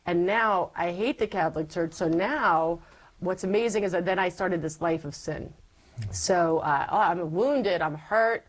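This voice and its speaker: A woman whose voice sits on the low side talks at a measured pace over a rough recording. As an interview guest giving her faith testimony, she's an animated storyteller who plays out the dialogue of earlier conversations.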